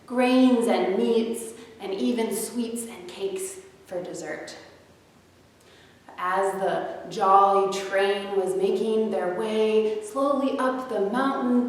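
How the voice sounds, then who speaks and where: A woman's voice: medium pitch, recorded from a distance. Woman narrating a children's story, playful sound effects, very echoey, long hall reverb. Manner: gentle, unhurried, sound effects. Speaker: storyteller in a chapel service.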